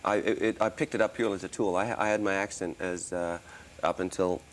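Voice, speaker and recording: Man, very low voice, mostly American accent with Australian hints, rambling restarts, faint hum behind. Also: steady tone, quick pace. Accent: mostly American, traces of Australian. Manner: rambling, many restarts and fillers. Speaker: interview guest, musician and actor. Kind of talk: casual interview talk.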